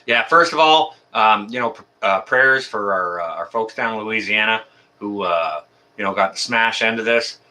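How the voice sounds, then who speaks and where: Casual male livestream host, bright voice, friendly, halting, filler-heavy. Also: on the low side. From Canada. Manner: friendly, chatty, many ums and uhs. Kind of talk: casual live chat greeting viewers.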